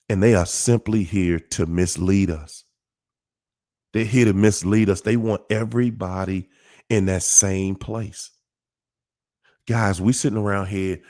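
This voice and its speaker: A man's voice: lowish voice, dark tone. A man hosting a livestream, talking to viewers in a repetitive, emphatic, preachy way. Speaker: livestream host. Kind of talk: casual livestream talk.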